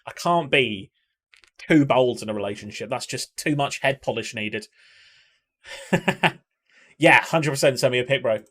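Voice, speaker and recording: A man's voice: medium pitch, normal speed, a bit bright. A man chatting casually on a game stream, swearing and talking to his chat.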